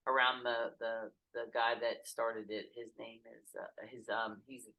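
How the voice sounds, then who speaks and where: A middle-aged woman is a podcast guest telling stories in casual chat, animated and profane as she acts out quotes. She has an unhurried bass voice with vocal fry, recorded roughly outdoors in a backyard.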